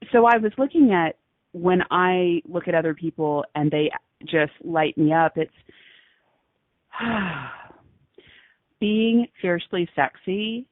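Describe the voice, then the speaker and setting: A woman's voice: on the low side, no echo. A woman chatting as a radio show guest, laughing often and gushing. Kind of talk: giggly casual chat. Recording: tinny phone line.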